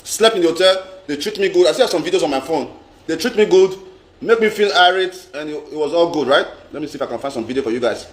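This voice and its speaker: A man's voice: a little high, expressive, quick pace. A Nigerian man ranting on a live stream in a casual way, repeating himself and mixing in pidgin. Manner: emphatic, repeats phrases, mixes in pidgin. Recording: roomy echo.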